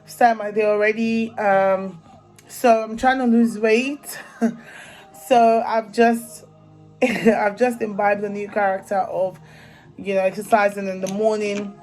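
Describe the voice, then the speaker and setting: A young woman with an African accent talks casually and animatedly to her viewers. Her voice sits at an ordinary middle pitch. Faint music plays behind her. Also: measured pace, rough recording. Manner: chatty, animated, laughs often. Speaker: vlogger. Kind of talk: casual vlog chat.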